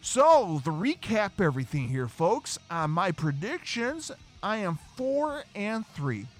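Animated male podcast host, high expressive voice, faint music behind. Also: takes it slowly. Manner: animated, acts out quotes. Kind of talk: casual wrestling review.

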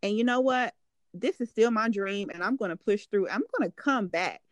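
A woman's voice: medium pitch, moderate pace, no room sound. A woman hosting a faith podcast, affirming and encouraging her guest in casual talk. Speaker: podcast host.

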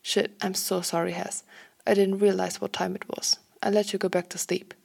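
Woman reading as a bitter, sleepy young guy, soft and half-whispered, a little gravelly. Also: on the low side, flat delivery, moderate pace. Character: young man, drowsy and bitter at 2 a.m.

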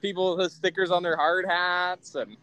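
A man's voice: high voice, fairly even intonation, moderate pace, pushed and bright, clear, resonant tone, rough recording. A man with a Canadian accent, co-hosting a casual podcast in an easygoing, joking way. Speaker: podcast co-host.

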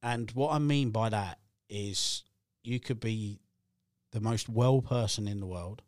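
A man hosting a live-streamed interview, asking gentle, empathetic questions. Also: on the low side, a little slow, no room sound, studio quality. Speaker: host.

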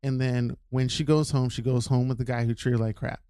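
Smooth-voiced ranting man. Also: mid-range voice, fairly quick, no room sound, studio quality. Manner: animated ranting, incredulous. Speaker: podcast co-host. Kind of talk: casual podcast chat.

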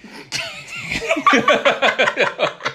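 A man in his thirties hosting a casual chat, telling animated stories and laughing often. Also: very high-pitched, extremely slow, a little hiss or hum. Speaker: podcast co-host.

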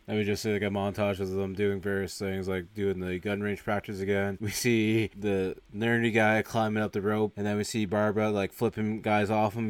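A man's voice: on the low side, clean tone, no room sound. A man hosting a podcast, casually retelling a movie scene by scene and laughing often. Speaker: podcast host.

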